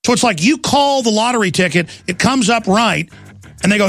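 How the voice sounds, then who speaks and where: A man's voice: high-pitched, lively intonation, a little fast, a bit bright, soft background music. A middle-aged man hosting a talk radio show, delivering an urgent, impassioned political monologue. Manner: gravelly, urgent, ranting delivery.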